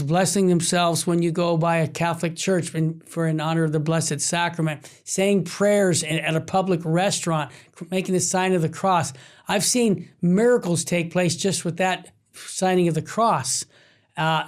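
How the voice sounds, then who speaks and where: A man hosting a Catholic radio talk show, telling stories with energy and acting out the voices of people he quotes. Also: high-pitched. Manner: animated storyteller, acts out quoted voices.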